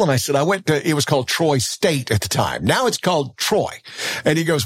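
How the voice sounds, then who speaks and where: A middle-aged man from Alabama with a Southern accent, hosting a casual podcast chat in an animated way. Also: on the high side, fairly quick, slightly rough. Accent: Southern American. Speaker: podcast host.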